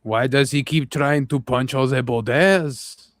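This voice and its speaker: A man's voice: medium pitch, slow, no room sound, studio quality. Wry, teasing male co-host. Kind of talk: casual reaction stream.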